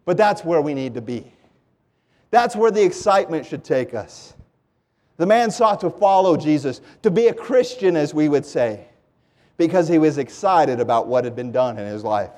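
A man preaching a sermon with passion, his voice climbing into loud pleading and dropping to hushed lows. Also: expressive, moderate pace. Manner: impassioned, swings from loud pleading to low hushed.

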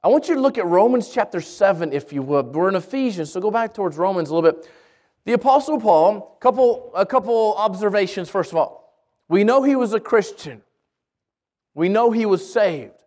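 Male pastor, high voice, energetic storytelling sermon with lots of restarts. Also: moderate pace. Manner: lively storytelling with repeated restarts. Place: church in Albuquerque.

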